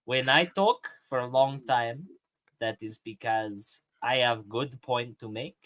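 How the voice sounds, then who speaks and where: A pompous debater in stiff, formal English, as a man puts him on. He drops his articles and accuses people flatly, sitting in the middle of a man's pitch range. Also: slow pace. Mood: indignant.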